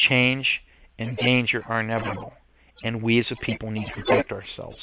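Earnest man in a muffled podcast monologue. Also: mid-range voice. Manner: earnest and emotional, with frequent self-corrections. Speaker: podcast host. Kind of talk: podcast monologue, partly reading aloud. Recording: slightly muffled podcast audio, faint hiss.

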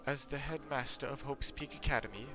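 A man doing a mock British accent as an earnest young male headmaster, speaking slowly and pleadingly. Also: medium pitch, music in the background, pitched above the performer's own voice, lightly acted. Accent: attempted British.

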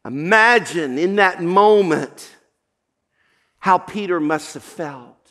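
Male pastor, slow earnest sermon delivery, high bright voice, stumbles into restarts. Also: expressive. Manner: earnest storytelling, with repeated false starts.

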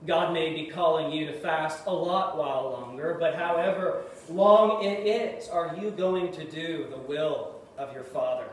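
A man preaching a sermon in earnest, rising to loud emphasis and dropping to hushed asides. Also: a little high, unhurried, few pauses. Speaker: pastor. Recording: echoey room, mic at a distance, faint noise.

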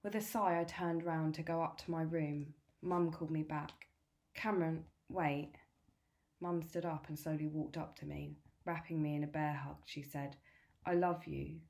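A woman tutor reading a novel aloud, steady and clear. Her voice sits low for a woman. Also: moderate pace, few pauses.

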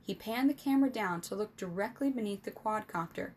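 A woman reading an adventure storybook aloud as the storyteller, with lively, expressive narration. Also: medium pitch, brisk, slight background noise.

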